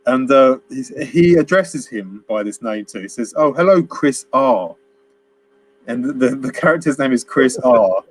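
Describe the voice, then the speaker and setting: A man's voice: mid-range voice, lively intonation, moderate pace, few pauses, husky. A man co-hosting a casual film review chat, rambling and laughing as he acts out quotes. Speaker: podcast co-host.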